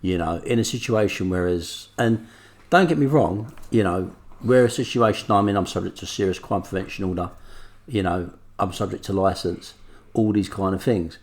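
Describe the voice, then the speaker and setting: A man's voice: low-pitched, normal speed, a little mellow. A man speaking as an interview guest, earnest and reflective as he looks back on his past. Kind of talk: interview talk.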